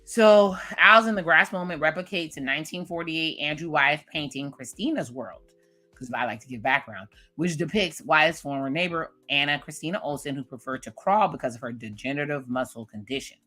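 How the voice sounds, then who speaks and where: A woman's voice: sits low, brisk, bright, forceful tone, faint music behind. A woman in her late thirties casually recapping a TV episode, animatedly acting out her own reactions to the scenes. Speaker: TV recap vlogger.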